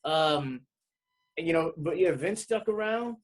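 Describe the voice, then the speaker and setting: A man's voice: a little high, lively intonation, unhurried, soft background music. A man who is a guest comedian on a podcast, chatting casually and hesitantly with fillers. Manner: hesitant, full of fillers and restarts. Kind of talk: casual chat.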